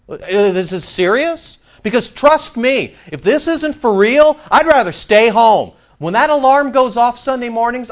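A male pastor preaching in a church. He is animated, with sudden loud outbursts and mock back-and-forth dialogue. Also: high voice, normal speed, hardly any pauses, highs cut off. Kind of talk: sermon.

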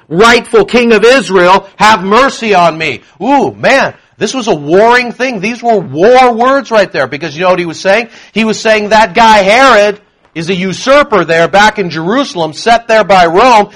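A man preaching a sermon to a congregation, emphatic, swinging between quiet asides and loud proclamation. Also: sits high. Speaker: pastor.

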